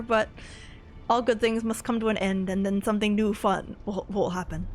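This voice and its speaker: A woman's voice: mid-range voice, fairly even intonation, normal speed. A young adult woman streamer chatting casually with her chat, giggly and rambling with frequent restarts.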